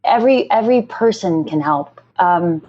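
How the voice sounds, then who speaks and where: A woman's voice: fairly low pitch, animated, moderate pace, slightly rough. A woman, a nonprofit founder, talking earnestly and passionately in a podcast interview, often repeating herself. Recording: muffled lo-fi audio.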